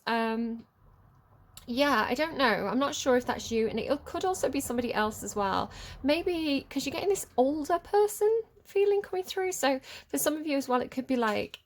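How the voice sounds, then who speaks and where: A woman giving a casual tarot reading in a chatty, rambling way, often hesitating with fillers. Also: fairly high pitch. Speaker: tarot reader.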